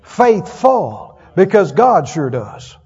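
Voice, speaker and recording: A preacher with a high, ringing voice delivers a folksy sermon, chuckling between lines. He swings from loud calls to hushed telling, and the sound is dull and carries a long hall reverb. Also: big pitch swings, slow, breathy edge.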